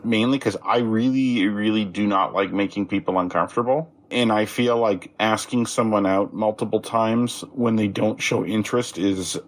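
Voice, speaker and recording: Thoughtful low-voiced man on a podcast. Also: poor audio. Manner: measured, thoughtful, a bit self-deprecating. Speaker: podcast co-host. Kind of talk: casual film discussion.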